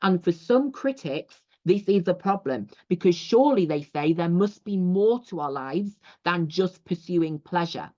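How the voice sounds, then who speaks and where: A young woman from England gives a recorded lesson, explaining point by point and dropping in "you know" as she goes. Her voice sits a little low. The audio is dull and lo-fi, with the top end muffled. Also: lively intonation, a little slow, hardly any pauses, warm tone. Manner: explanatory, frequent 'you know' asides. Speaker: teacher. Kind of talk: recorded lecture over slides.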